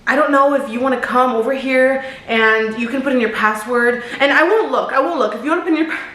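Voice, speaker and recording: A man's voice: extremely high pitch, quick pace, pushed and bright. A flustered young man stammers and trips over fillers on a phone call, as a woman retells it. He keeps restarting his words and cannot hold it together. The sound is roomy and echoing. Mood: awkward pleading. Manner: stuttering, hesitant, fillers. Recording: roomy echo.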